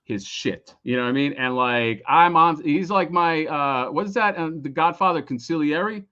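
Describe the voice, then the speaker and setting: A man in casual podcast chat who gets excitable, swears often and stumbles over his words. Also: fairly high pitch, moderate pace, muffled recording. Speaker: podcast guest, toy creator.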